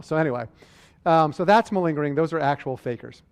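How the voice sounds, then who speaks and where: Guy teaching medicine, chatty and animated, voice a bit high, echoing lecture hall. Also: quick pace, clear, resonant tone, highs cut off. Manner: conversational, animated, acts out patient exchanges.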